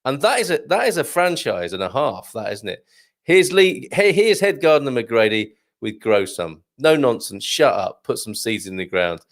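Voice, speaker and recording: A middle-aged man hosts a live morning stream, reading viewer comments, chatting casually and cracking corny dad jokes. His medium-pitched voice is sing-song at a normal speed, and he's jokey and chuckles often.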